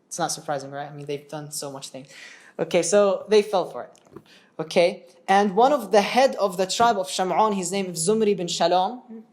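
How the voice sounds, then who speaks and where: A man's voice: sits high, normal speed, darkish tone. A man teaching a religious story in a casual, conversational way, often checking in with his listeners and going off on tangents.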